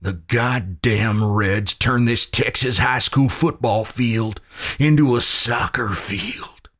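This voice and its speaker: A man voicing a hard-bitten, weary male army captain with a gruff, clipped pulp-hero delivery. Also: mid-range voice, slow pace, fairly bright tone.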